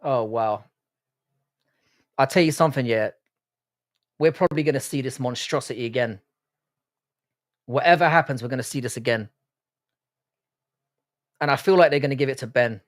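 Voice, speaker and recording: A man's voice: medium pitch, normal speed, pauses often. An Irish man hosting a live fight watch-along stream, reacting casually and profanely and reading out chat messages. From Ireland. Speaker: livestream host.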